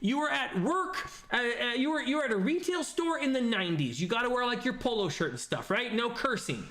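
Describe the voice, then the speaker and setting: A man's voice: very high voice, sing-song, brisk, fairly bright tone, reverberant. A man casually chatting on a livestream, reading viewer comments and thinking aloud with lots of fillers.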